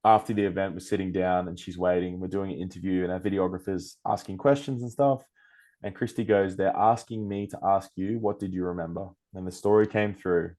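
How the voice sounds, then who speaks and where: Male podcast guest, Australian accent, low-pitched, lively anecdotal delivery with acted-out quotes. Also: fairly quick. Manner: animated, swears freely, acts out quoted speech. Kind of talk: casual storytelling.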